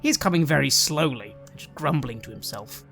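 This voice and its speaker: A man narrating a tabletop game as game master in a measured storytelling manner, with music behind. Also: mid-range voice, expressive, creaky, a bit bright.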